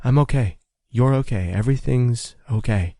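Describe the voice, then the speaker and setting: A man voicing a steady young racing driver. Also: medium pitch, normal speed, no echo, studio quality, close to an everyday voice. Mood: soothing. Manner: firm and reassuring. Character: steady young male race car driver.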